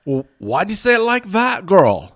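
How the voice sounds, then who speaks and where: A blustery, quarrelsome Scotch-Irish man, played by a man putting on a hammy brogue, barks his lines loud and high above a natural speaking voice. The brogue is gruff and quick-tempered. The sound is dry and close, with no room echo. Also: huge pitch swings, full character voice. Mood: gruff, belligerent. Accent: put-on Scottish-Irish brogue.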